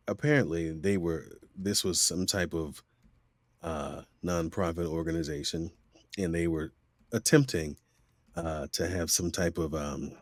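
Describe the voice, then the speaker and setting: A middle-aged voice actor from Miami, USA, guests on a casual interview, telling stories animatedly and performing the voices of the people he quotes. He has a deep voice, recorded in studio quality with no echo.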